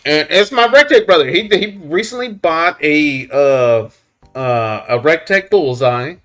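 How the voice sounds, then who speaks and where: A man hosting a casual barbecue livestream, chatting loosely with viewers and giving shout-outs. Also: fairly high pitch, expressive, a little slow, faint music behind. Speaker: livestream host.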